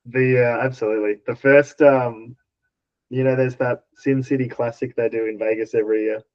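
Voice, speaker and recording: An Australian man talking as a podcast guest, telling stories in a relaxed way with lots of fillers and chuckles. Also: mid-range voice, moderate pace, dull audio. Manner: laid-back, chuckling storyteller with many fillers. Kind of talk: casual chat.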